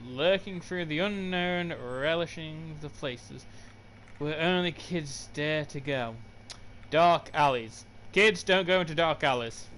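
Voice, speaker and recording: A man's voice: on the high side, a bit bright, slight background noise. A man hosting a let's play, reading in-game notes aloud and cracking sarcastic jokes as he goes. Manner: joking, sarcastic asides. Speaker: gaming channel host.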